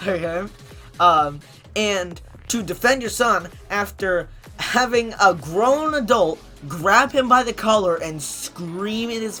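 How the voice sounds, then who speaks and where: Man, high voice, sarcastic commentary, laughing, faint music behind. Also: sharp tone. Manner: sarcastic, incredulous, laughs often. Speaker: commentary YouTuber. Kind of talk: reading and mocking online posts.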